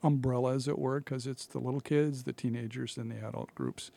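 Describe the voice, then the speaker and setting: Man radio guest, relaxed, mid-pitched, laughs easily. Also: a little fast, creaky. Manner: easygoing, laughs along. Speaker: festival organizer guest. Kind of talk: casual interview chat.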